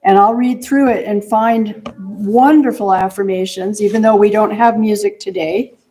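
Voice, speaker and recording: A woman minister giving a gentle, chatty sermon in a church and laughing often. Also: mid-range voice, steady tone, normal speed. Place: church sanctuary.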